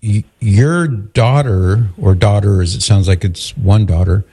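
A man hosting a call-in radio show, calmly steering and summing up a caller's story. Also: lowish voice, takes it slowly, breathy edge. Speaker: radio talk show host.

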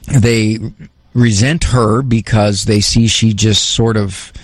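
A man's voice: lowish voice, vocal fry, breathy edge, no room sound. A man hosting a call-in advice show, giving frank, emphatic counsel to a caller. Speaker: radio advice host.

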